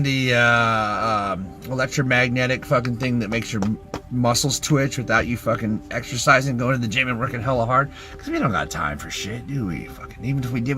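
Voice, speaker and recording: A young man rants in a bright, forceful voice, swearing constantly as he rambles between big hype and muttered asides. His pitch swings widely from line to line, and he sounds like a loose self-help pitch clipped from a social video. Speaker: TikTok ranter. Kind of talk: profane self-help rant.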